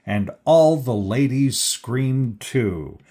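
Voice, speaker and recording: In a slow, lively read-aloud of a children's picture book, the male reader pitches his voice up for the characters' dialogue.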